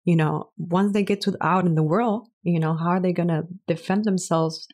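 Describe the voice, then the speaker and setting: A woman's voice: on the low side, steady tone, normal speed, darkish tone. A woman in her thirties, a mother co-hosting a faith and parenting chat, telling stories from home. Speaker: podcast co-host. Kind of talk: casual chat, storytelling.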